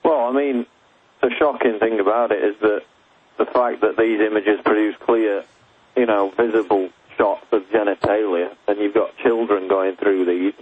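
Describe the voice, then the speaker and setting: A man with a lowish, husky voice speaks in a measured, explanatory way. He comes through a tinny phone line as a guest on a radio show. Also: steady tone.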